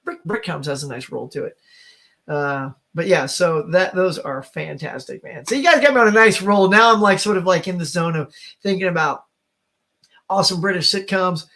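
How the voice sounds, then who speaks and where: A man's voice: high-pitched, normal speed, bright, forceful tone. A middle-aged man hosting a casual live stream, chatting with viewers, laughing often and thinking aloud with many restarts. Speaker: host.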